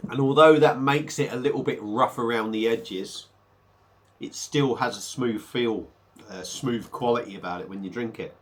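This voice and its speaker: A man's voice: mid-range voice, normal speed. Chatty man reviewing a beer. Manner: rambling, chatty, hesitant fillers. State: slightly under the weather. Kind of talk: casual beer review vlog.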